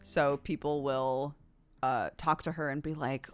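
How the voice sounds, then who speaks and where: A woman's voice: low-pitched, fairly even intonation, a little slow, soft background music. An American woman in her thirties, a streamer chatting casually and rambling, laughing often. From United States. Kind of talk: casual chat with chat.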